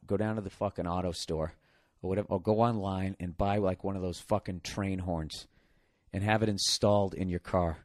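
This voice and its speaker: A man with a Boston accent, a podcast host ranting in comedic, profane bursts, now and then laughing loudly. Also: low voice, dry recording, clean studio sound.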